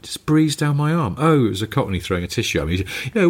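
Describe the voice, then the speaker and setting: A man's voice: mid-range voice, big pitch swings, quick pace. A man co-hosting a podcast, chatting casually in a wry, rambling way and laughing easily. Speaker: podcast co-host. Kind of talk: casual chat.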